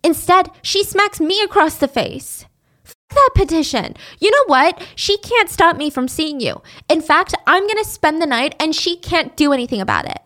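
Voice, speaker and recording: A woman voicing an angry, rebellious teenage girl who curses loudly. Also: very high voice, lively intonation, moderate pace, pitched above the performer's own voice. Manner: loud, cursing, heated.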